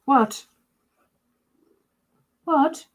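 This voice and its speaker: A woman hosting a livestream, chatting casually and reading out viewer comments in a rambling way. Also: extremely slow. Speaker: livestream host.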